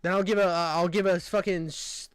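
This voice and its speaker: High-voiced young man on a profane rant. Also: steady tone, brisk, smooth, dry recording. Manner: profane, argumentative, addressing a critic directly. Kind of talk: heated live-stream rant.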